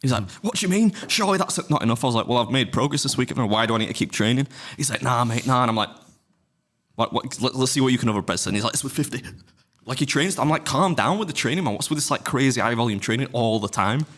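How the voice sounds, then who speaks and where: Brash, fast-talking man on a podcast. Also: medium pitch, a bit bright. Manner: brash, swearing, mimics others. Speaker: podcast co-host. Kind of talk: casual banter.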